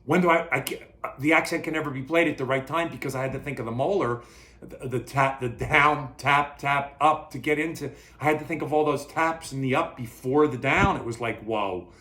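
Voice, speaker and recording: A man teaching drum hand technique in a relaxed, repetitive way, demonstrating as he talks. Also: medium pitch, fairly quick. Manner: relaxed, repeats himself, talks while playing. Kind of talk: casual demonstration lesson. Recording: loud drumming behind the voice. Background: drum kit playing.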